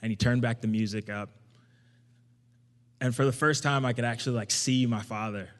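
A young man telling a personal story to an audience in a casual, conversational way, getting animated when he quotes himself. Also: mid-range voice, normal speed. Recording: long hall reverb.

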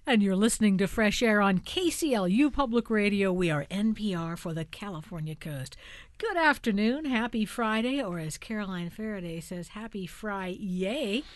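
A woman's voice: medium pitch, lively intonation, normal speed, no echo. Upbeat woman radio host, dry studio. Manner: upbeat, chatty, laughs easily. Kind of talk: pledge drive on-air appeal.

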